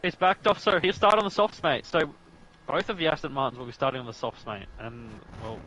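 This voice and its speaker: A man's voice: mid-range voice, a little fast, bright, forceful tone, lo-fi sound, a little hiss or hum. An Australian man chatting casually as a stream co-host, laid-back and calling everyone "mate". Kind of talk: casual chat over racing commentary.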